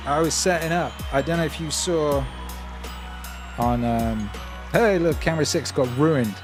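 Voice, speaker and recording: A man's voice: medium pitch, a little fast, roomy sound, long reverb tail. Rambling, jokey man hosting a livestream. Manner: loose, rambling and jokey, with playful asides. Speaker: livestream host and musician. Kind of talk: casual livestream chat, reading viewer comments aloud. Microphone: microphone on a stand in front of him. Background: music playing.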